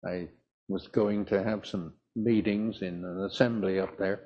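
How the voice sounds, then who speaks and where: Slow, husky older preacher. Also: male voice, on the low side, mellow, dull audio. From south of England. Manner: slow, emphatic, storytelling preaching. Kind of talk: sermon.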